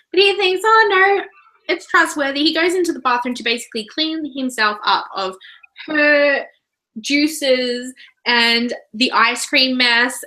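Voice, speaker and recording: A woman's voice: a little high, poor audio. A woman with an Australian accent, hosting a casual book discussion in a chatty, giggly way. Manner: chatty, giggly, animated retelling. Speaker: book reviewer, channel host.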